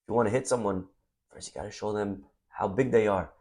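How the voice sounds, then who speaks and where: A man's voice: on the low side, fairly even intonation, a little fast, mellow, pitched below the performer's own voice, natural voice. A man voicing a patient old Rebbe. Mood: earnest. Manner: patient, teaching with questions. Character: wise old male Rebbe mentor.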